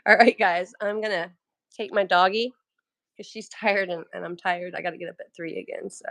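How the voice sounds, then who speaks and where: A woman's voice: fairly low pitch, fairly even intonation, normal speed, vocal fry, a bit bright, no room sound. A woman chatting casually and telling a story, often laughing, and losing her voice. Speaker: livestream co-host. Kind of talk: casual chat.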